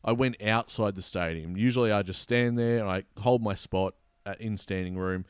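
An Australian man chatting on a football podcast, his voice smooth and resonant and the sound close and dry. He spins a story with animated, mock-outraged flair, rising into sharp exasperation. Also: fairly low pitch, normal speed, no room sound. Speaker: podcast co-host. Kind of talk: casual footy podcast chat.

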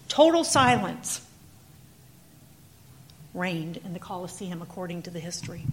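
A woman preacher telling a story in her sermon, in an animated, dramatic manner. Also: fairly low pitch, a little hiss or hum. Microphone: handheld or clip mic.

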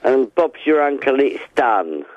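A man's voice: mid-range voice, big pitch swings, measured pace, dry recording, dull audio. A man calling in to a radio show, easygoing and stubbornly contented. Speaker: caller. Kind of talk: radio phone-in call. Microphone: phone line.

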